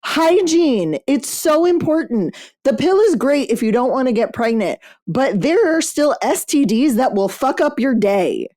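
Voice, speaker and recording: A woman's voice: high-pitched, sing-song, a little slow, warm tone. A woman hosting a book club podcast, chatting casually in a blunt, profane way. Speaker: podcast host.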